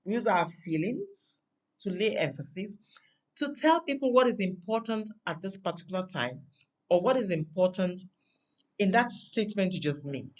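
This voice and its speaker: A woman teaching a recorded lesson on communication, with an emphatic delivery that stresses words through sharp changes in pitch and loudness. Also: lively intonation, moderate pace, lo-fi sound.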